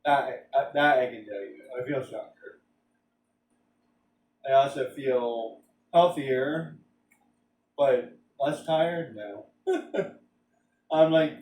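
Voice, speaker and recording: A man streams a game and chats casually, rambling with lots of filler words and jokes. His mid-range, slightly mellow voice is slow with frequent pauses, picked up off-mic on a distant microphone with roomy sound and a faint background hum.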